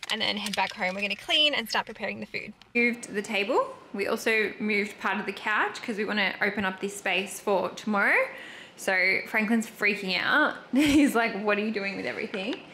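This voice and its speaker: A young Australian woman chatting casually and upbeat to the camera in a vlog. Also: medium pitch. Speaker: vlogger. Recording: clear background noise.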